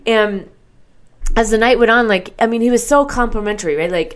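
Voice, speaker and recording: A woman's voice: fairly high pitch, brisk, clean tone. A woman hosting a show, telling a candid personal story in a chatty, rambling way with lots of filler words and the occasional casual swear. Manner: chatty, heavy use of "like" and "right?". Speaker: podcast host.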